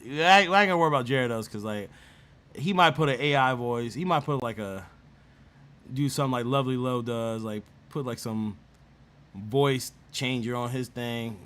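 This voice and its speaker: Male gaming host, loose slangy banter with frequent laughs; bright, forceful tone. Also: medium pitch, normal speed, clean tone. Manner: slangy, laughs often, teasing. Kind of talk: casual gaming chat.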